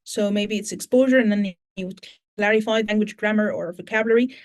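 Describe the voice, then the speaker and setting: At an online conference, a British English-speaking woman teacher trainer responds to audience questions with step-by-step explanations full of fillers and restarts. Her voice is medium in pitch and a little fast.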